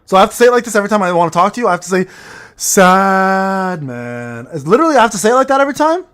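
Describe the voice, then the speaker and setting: A man's voice: high voice, expressive, racing, a bit bright. A man streaming a game and chatting casually with his viewers, joking crudely and rambling between plays. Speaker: gaming streamer reading chat. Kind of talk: casual livestream chatter while playing.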